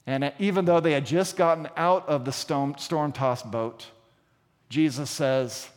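A male pastor delivers a sermon in a fairly high voice, posing questions to his listeners and acting out scenes with emphasis. The sound rings with a long reverb, as in a large hall. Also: normal speed. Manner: preaching with dramatic retellings and rhetorical questions.

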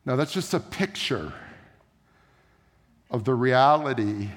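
In a lowish voice, a pastor recounts a story conversationally while preaching in his church sanctuary. There's slight background noise and the hall is echoey.

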